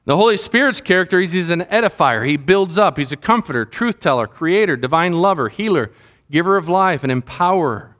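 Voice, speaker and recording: High-voiced man preaching a conversational sermon. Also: expressive, fairly quick, a bit bright. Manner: earnest, conversational preaching with asides to the audience. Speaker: pastor.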